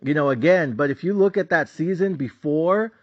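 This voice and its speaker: A man giving a blunt, profane, casual rant about basketball as a channel host. His voice sits a bit high, and the recording is dull and lo-fi. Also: normal speed. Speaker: sports betting channel host. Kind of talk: casual ranting commentary. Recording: dull lo-fi sound.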